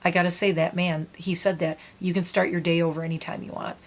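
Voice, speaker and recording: Soothing woman vlogger, lowish voice. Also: level tone, quick pace. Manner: gentle, soothing, meditative. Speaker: beauty vlogger. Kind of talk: casual heartfelt talk to camera.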